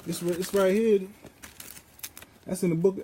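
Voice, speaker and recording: A man with a high-pitched voice delivers a rambling spiritual monologue. He talks in a preachy, profane, street-casual way. When he quotes scripture, he slows down and reads each line deliberately. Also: steady tone, mellow, a little hiss or hum. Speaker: vlogger.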